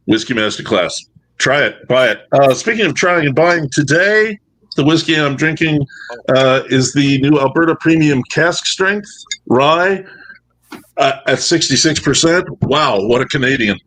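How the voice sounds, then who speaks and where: A man's voice: a little high, animated, unhurried, fairly bright tone, poor audio. A man co-hosting a podcast over a video call, wry and dry as he introduces himself. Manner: dry, wry self-promotion. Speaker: whiskey writer, podcast co-host. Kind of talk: casual chat.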